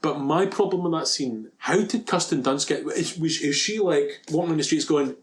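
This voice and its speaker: A man's voice: a little high, normal speed, hardly any pauses. Sweary sarcastic man. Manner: sweary, sarcastic, slips into silly mock voices. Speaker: podcast co-host. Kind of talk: casual film-review chat.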